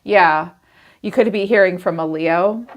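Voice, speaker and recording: Woman tarot reader, chatty and expressive, slightly low voice for her sex. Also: a little slow, dull audio. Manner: chatty, acts out quoted messages in a lively voice. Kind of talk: casual tarot reading.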